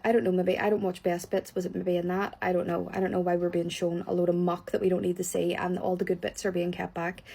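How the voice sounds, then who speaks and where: A Northern Irish woman with a husky, slightly low voice, talking casually through her opinions. She is blunt and frank and swears without a second thought. She sounds hot and bothered as she talks. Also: warm tone. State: hot and sweaty. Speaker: reality TV reviewer. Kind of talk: casual reaction chat.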